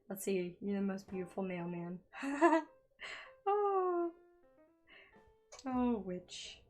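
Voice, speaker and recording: Streaming from a makeshift home setup in a room beside a window, a young woman digital artist draws while chatting, nervous and giggly, her thoughts often trailing off. She speaks at a medium pitch into a studio microphone.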